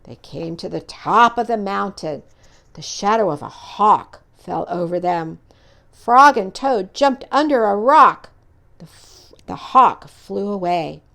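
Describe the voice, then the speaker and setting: A woman reading a children's picture book aloud in an expressive, animated way. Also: medium pitch, slow, creaky. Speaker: storyteller.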